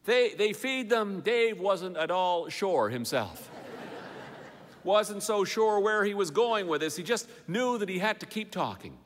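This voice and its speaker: A man's voice: high voice, animated, unhurried, slight background noise. A man reading a humorous story aloud with dry, wry narration. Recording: long hall reverb.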